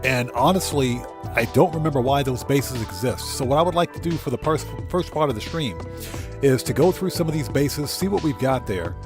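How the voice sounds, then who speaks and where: A man's voice: medium pitch, animated, brisk, over music. A man hosting a casual gaming livestream, talking loosely and greeting chat viewers by name, at times choked up. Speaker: livestream host.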